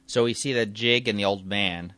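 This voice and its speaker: Male podcast host, lowish voice, bright and forceful, rambling and chuckly. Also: moderate pace, no echo. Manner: rambling, chuckling, frequent restarts. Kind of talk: casual solo podcast chat.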